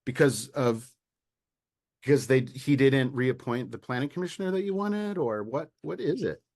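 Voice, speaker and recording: An American man talking as a guest in a casual interview, animated and exasperated, with many restarts and fillers. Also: medium pitch, normal speed. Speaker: local party official, guest.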